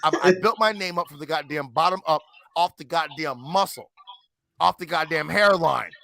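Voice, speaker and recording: Gravelly, bright-voiced man in his forties. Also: fairly high pitch, normal speed, slight background noise. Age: 40s. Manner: emphatic, profane, combative boasting. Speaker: debater on a livestream panel. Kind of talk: heated livestream chat.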